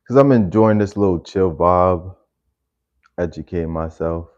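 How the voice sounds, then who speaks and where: Laid-back low-voiced man streaming. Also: measured pace, darkish tone. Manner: laid-back, rambling, slangy. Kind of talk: casual stream chat reacting to videos. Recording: slightly dull lo-fi audio.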